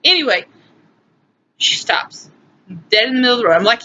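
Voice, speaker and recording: Bright-voiced woman in her twenties rambling. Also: on the high side, lively intonation, a little fast. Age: 20s. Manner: chatty, emotional, lots of "anyway" and asides. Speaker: vlogger. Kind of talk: rambling personal storytelling. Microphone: phone. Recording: muffled phone audio with faint hiss.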